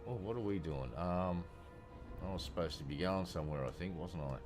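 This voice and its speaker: Low-voiced Australian man, foul-mouthed game streamer, with faint background music. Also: a little fast. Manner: profane, ranting, blunt. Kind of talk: casual gameplay commentary.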